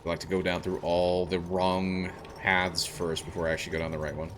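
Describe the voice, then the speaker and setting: A man's voice: low-pitched, level tone, brisk, noisy background. A man streaming a video game, thinking aloud in a rambling, self-deprecating way. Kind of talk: casual gameplay commentary.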